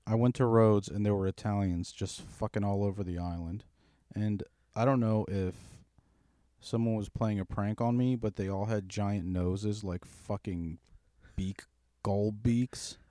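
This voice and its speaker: A young man with a fairly low voice swears casually and gets loud and animated when a story takes off. He sounds close to the mic in a dry, dead room. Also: unhurried, dry recording. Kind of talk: casual chat.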